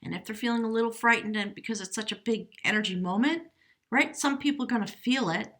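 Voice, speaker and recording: A woman giving a spontaneous tarot reading, speaking gently and emotionally, now and then addressing her spirit guides. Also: fairly high pitch, fast talker. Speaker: tarot reader.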